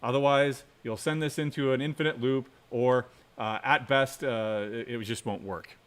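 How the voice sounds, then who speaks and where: A man's voice: mid-range voice, fairly even intonation, normal speed, clear, resonant tone. A man teaching a recorded programming class, talking through live coding in a conversational way, often ending points with "right?" and repeating warnings for emphasis. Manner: conversational, often adds "right?" as a tag question. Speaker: university instructor.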